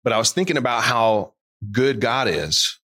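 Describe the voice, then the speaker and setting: A man's voice: mid-range voice, expressive, moderate pace, pushed and bright. A man hosting an interview, encouraging his guest with brief affirmations and questions. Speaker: host. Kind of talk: interview chat.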